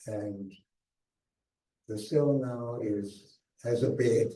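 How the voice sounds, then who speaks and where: Older man, slow and roomy. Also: lowish voice. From South Africa. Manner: slow, emphatic, with hushed pauses. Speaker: guest speaker. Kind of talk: personal memoir talk. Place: lecture hall. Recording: echoey hall, mic at a distance.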